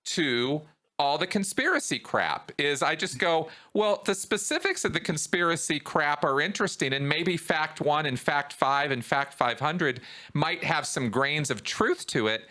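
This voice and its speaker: A man hosting a podcast in loose conversational style. His delivery is animated, and his voice pushes higher when something annoys him. The tone is bright and tense, with wide swings in pitch. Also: a little slow, few pauses. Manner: animated, voice rises when riled up. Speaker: podcast host.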